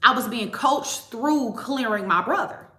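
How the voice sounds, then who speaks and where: A woman's voice: a little high, lively intonation, unhurried, sharp tone. A woman hosting a spiritual channel, telling a personal story in a chatty, emphatic way and speaking straight to her viewers. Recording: echoey room.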